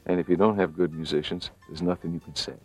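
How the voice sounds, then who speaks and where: A man in an interview, measured and reflective as he quotes a bandleader's advice. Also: low voice, fairly even intonation, a little mellow, slightly rough, faint music behind. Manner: measured, quoting others.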